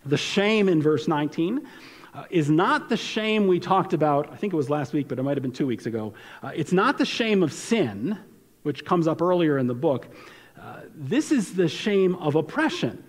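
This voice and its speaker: Man, pastor, earnest sermon, slightly high voice, long church-hall reverb. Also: expressive, moderate pace. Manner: earnest, emphatic preaching with frequent restarts.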